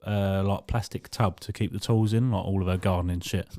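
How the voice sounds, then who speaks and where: A man's voice: sits low, steady tone, a little fast, mellow. Laughing young man telling a story. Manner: laughs through his story, swears a lot. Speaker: podcast co-host. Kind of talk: casual storytelling.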